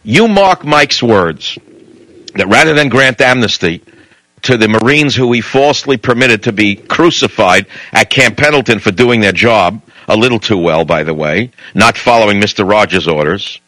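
A man's voice: fairly low pitch, moderate pace, sharp tone, no room sound, rough recording. A man hosting a talk radio show, delivering a blunt, combative monologue straight into the studio mic.

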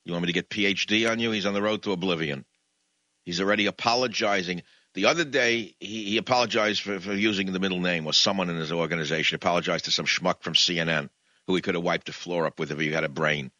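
Male radio host, lowish bright voice, sardonic and rambling, dry studio sound. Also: fairly even intonation, fast, no echo, lo-fi sound. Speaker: radio talk show host. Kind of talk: radio talk monologue.

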